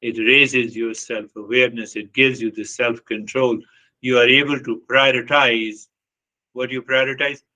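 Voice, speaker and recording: Bright-voiced man giving a spiritual talk. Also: mid-range voice, steady tone, moderate pace, muffled recording. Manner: earnest, repetitive, with short laughs and acted quotes. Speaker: spiritual teacher.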